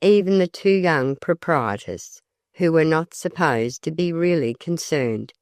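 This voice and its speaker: An audiobook narrator giving a measured, even scripted reading of a classic novel. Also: mid-range voice, dry recording.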